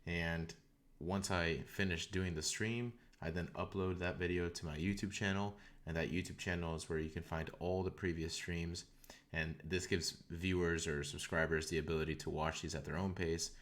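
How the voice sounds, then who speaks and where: A man's voice: low-pitched, little pitch movement, moderate pace, a bit bright. A man talking casually on a coding live stream, rambling a little and often restarting and repeating words, into a desktop condenser mic. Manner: rambling, frequent self-corrections and repeated words. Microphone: desktop USB condenser mic.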